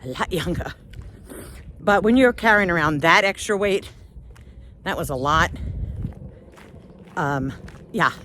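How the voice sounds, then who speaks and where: A middle-aged woman vlogger telling a story on a walk outdoors, animated and self-mocking, laughing often. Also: on the low side, a little hiss or hum.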